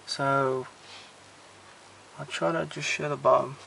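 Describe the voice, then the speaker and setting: Blunt, gravelly-voiced man rambling about films. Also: medium pitch, fairly even intonation, takes it slowly, sharp tone, slight background noise. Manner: blunt, opinionated, swears freely; stop-start, trailing off between titles. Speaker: collector showing his film collection. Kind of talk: casual rambling walkthrough.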